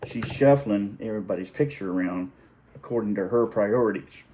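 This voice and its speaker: A man's voice: lowish voice, moderate pace, dark tone. A middle-aged man telling a family story in a casual, rambling way, often correcting himself and chuckling as he goes. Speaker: vlogger.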